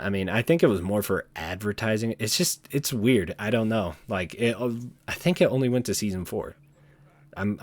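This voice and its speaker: A man hosting his own channel, talking alone in a rambling, casual way, often correcting himself and trailing off quietly. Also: low-pitched, no echo. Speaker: channel host. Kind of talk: casual solo chat.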